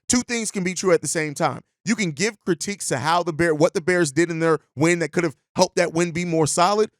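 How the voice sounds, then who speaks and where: A man's voice: on the high side, no echo, clean studio sound. A man hosting a sports podcast who gives persuasive, conversational commentary. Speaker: podcast host.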